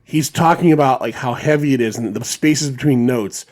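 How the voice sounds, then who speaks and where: A man's voice: mid-range voice, normal speed, darkish tone. A man hosting a podcast, retelling film scenes in a rambling, profane casual chat with many restarts. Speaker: podcast host.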